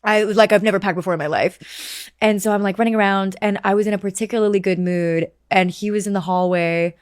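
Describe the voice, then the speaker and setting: A young woman in her twenties, a podcast guest, telling a story in a lively, animated way and swearing freely in casual chat. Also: medium pitch, a little fast, no room sound, clean studio sound. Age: 20s.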